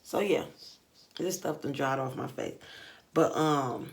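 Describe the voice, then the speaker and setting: A young woman vlogger telling a story in casual, animated, slangy chat, acting out the dialogue. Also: a bass voice, slow pace. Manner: animated, slangy retelling with lots of quoted dialogue. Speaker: beauty vlogger.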